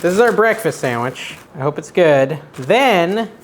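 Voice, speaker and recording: A man's voice: a little high, expressive, a little slow, slight background noise. A man hosting a casual cooking vlog from his kitchen, chatting as he cooks in an unsure, self-deprecating way. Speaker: cooking show host.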